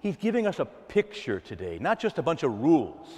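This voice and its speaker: A man preaching a sermon to his church, animated, swinging from soft asides to loud outbursts. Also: a little high, a little fast, hardly any pauses, long reverb tail. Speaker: pastor.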